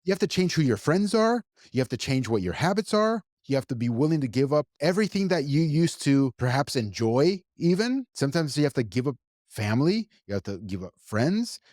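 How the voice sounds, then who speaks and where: A man's voice: medium pitch, sing-song, brisk, darkish tone, dry recording. Emphatic man, dry close podcast mic. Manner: emphatic, repeats points, swears freely. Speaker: podcast co-host. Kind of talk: casual podcast talk.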